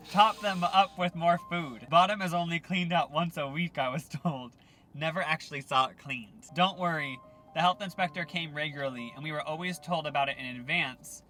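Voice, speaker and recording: A man's voice: on the high side, sharp tone. A man co-hosting a casual chat, laughing and reacting as he reads stories aloud. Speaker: co-host.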